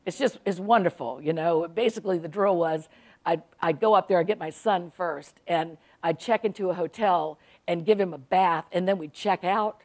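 A woman's voice: on the low side, moderate pace. A woman, an author telling humorous stories to a live audience at a library, chatty and laughing often. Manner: chatty, laughs often, acts out quoted voices. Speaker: author giving a talk. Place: public library event room.

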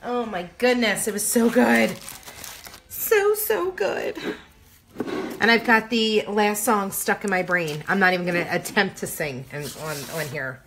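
A woman's voice: medium pitch, moderate pace, hardly any pauses, a bit bright, slight background noise. A woman hosting a crafting livestream, chatting casually and greeting viewers by name in a bubbly, talkative way.

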